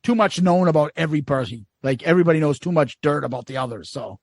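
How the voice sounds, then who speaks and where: A man's voice: fairly high pitch, lively intonation, quick pace, gravelly, dry recording, clean studio sound. A man co-hosting a podcast in casual chat, blunt and rambling, swearing freely. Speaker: podcast co-host.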